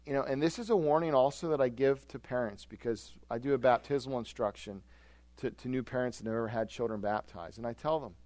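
A man's voice: medium pitch, brisk, a little mellow, no echo. A male pastor giving a conversational sermon, often asking rhetorical questions and adding "right?".

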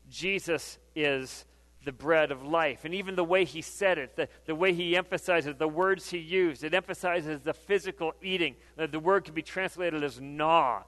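A man's voice: on the high side, moderate pace, a bit bright. A man preaching a sermon in a conversational, emphatic way, reading scripture aloud and repeating phrases for emphasis. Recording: long reverb of a hall.

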